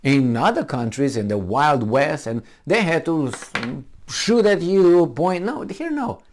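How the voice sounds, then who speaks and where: A middle-aged man rants in sarcastic commentary, firing off rhetorical questions. His voice swings up and down with a lively, animated pitch while he stays combative from start to finish. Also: measured pace, slight background noise. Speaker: political commentator. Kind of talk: ranting commentary.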